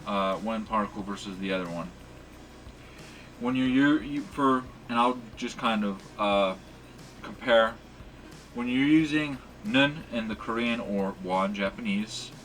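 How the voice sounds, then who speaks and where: A man's voice: fairly low pitch, pushed and bright. A man teaching a language lesson in a casual, rambling way, with many fillers and restarts.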